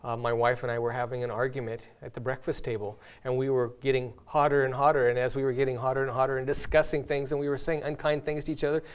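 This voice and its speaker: A man's voice: medium pitch, level tone, fast, hardly any pauses, clean tone. Earnest male host telling illustrations. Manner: earnest storyteller, tells illustrations with light laughs. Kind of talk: casual spiritual discussion.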